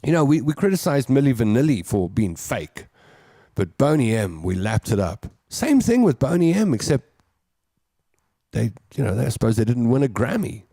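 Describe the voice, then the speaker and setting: A man's voice: mid-range voice, big pitch swings, moderate pace, gravelly, mellow, breathy edge, no echo, studio quality. A man hosting a call-in show, reading listeners' comments and chatting about them. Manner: chatty, reads comments aloud and riffs on them. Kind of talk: casual chat.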